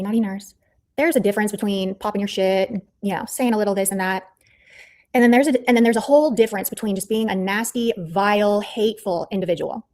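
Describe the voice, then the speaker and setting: A woman livestreamer ranting in a heated callout, blunt and profane, repeating herself as she scolds someone. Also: medium pitch. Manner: angry, blunt, profane, repetitive.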